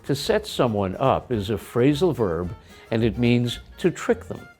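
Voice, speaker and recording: A man's voice: mid-range voice, big pitch swings, a little slow, darkish tone, faint music behind. A man with an American accent teaching English pronunciation in a scripted lesson, explaining plainly. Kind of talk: scripted lesson with acted skits.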